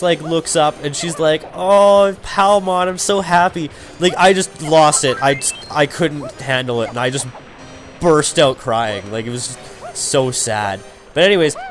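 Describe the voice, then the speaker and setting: A young man from Canada giving rambling, casual commentary while playing a video game, filling his talk with "like" and the odd swear word. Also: medium pitch. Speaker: let's play commentator. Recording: faint game music behind.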